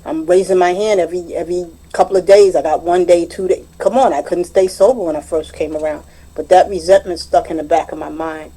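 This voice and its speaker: A woman speaks at a recovery group meeting, telling a long personal story. She rambles and retells old conversations line by line. Her voice sits a little low and sounds mellow and dark. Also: brisk, husky, rough recording. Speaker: meeting member sharing. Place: meeting room, recorded online.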